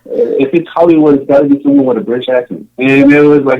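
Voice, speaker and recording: A man from Samoa, appearing as a podcast guest and show contestant, recounts his story casually and ramblingly, with many fillers and restarts. His medium-pitched voice is fast and gravelly, and the audio has a phone-like quality.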